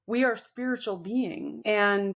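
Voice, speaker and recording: A woman co-hosting a podcast in casual chat, reflective and gentle, often restarting her sentences. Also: medium pitch, slow pace. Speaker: podcast co-host.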